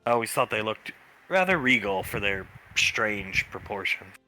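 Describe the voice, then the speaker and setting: A rambling young wife talks about animals, often stopping to correct herself, as a man plays her in his own voice. The tone is bright and lively, with a faint music bed underneath. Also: fairly low pitch, moderate pace. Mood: chatty.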